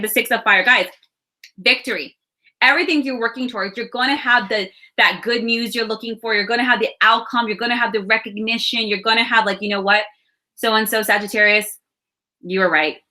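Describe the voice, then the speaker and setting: Bright-voiced woman giving a tarot reading. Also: on the high side. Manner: chatty, reassuring, laughs and sighs between thoughts. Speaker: astrology and tarot reader. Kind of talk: casual spiritual reading.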